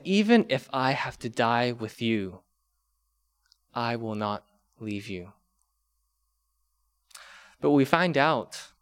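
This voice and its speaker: A man preaching a sermon, slow and emphatic, repeating key words for weight. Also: mid-range voice. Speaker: pastor.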